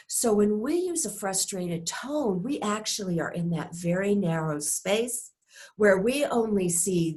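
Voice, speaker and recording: A woman instructs in a recorded course, her pace slow and measured. She talks in a reflective way and often stops to ask the listener questions. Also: medium pitch, expressive, darkish tone.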